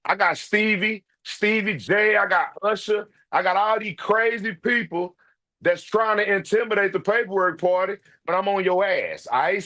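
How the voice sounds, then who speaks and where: A man's voice: sits high, bright, forceful tone. A man giving casual ranting commentary, brash and profane, calling people out directly. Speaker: online commentator.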